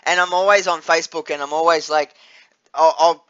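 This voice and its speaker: A man's voice: a little high, fairly even intonation, fairly quick, fairly bright tone, clear, resonant tone, highs cut off. A young Australian man chatting casually in a vlog, rambling with lots of fillers and restarts and swearing freely. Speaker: vlogger.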